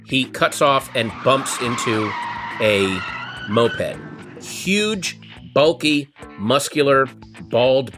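A man telling a comic story in an animated, wry way, building tension. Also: medium pitch. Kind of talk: comedic storytelling. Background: guitar music.

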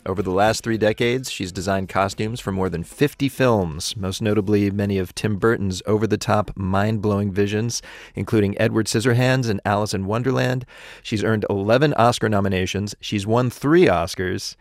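A man co-hosting a public radio show, wry and measured with deadpan quips. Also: lowish voice, no echo, studio quality. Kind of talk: public radio interview and banter.

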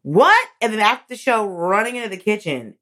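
A woman comedian chatting casually as a guest, an animated storyteller whose voice swoops high when she acts out moments. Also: fast talker. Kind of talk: casual interview chat.

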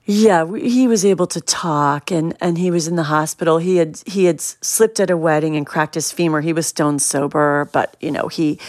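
A middle-aged woman in a radio interview, telling a personal story in an animated way and acting out the voices she quotes. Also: deep voice, dry recording, clean studio sound. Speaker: interview guest.

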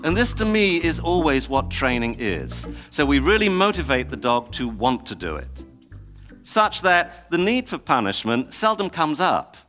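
A man's voice: fairly high pitch, big pitch swings, a little slow, a bit bright, soft background music. A man giving a public talk, emphatic and exasperated as he tells examples.

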